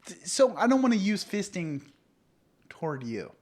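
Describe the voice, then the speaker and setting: A male podcast co-host with an animated comic delivery. He riffs in loose banter, his voice swinging up and down as he slips into silly voices. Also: sits high, normal speed. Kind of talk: casual comedic banter.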